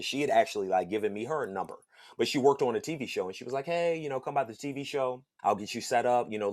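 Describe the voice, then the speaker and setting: A man hosting a podcast, telling a personal story in a casual, slangy, animated way and laughing along the way. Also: medium pitch. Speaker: podcast host.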